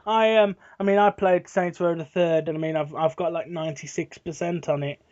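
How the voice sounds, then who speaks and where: A man in his twenties hosting a casual gaming chat, retelling game moments in an animated, rambling way. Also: fairly high pitch, a little fast. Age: 20s. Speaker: channel host. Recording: dull lo-fi recording.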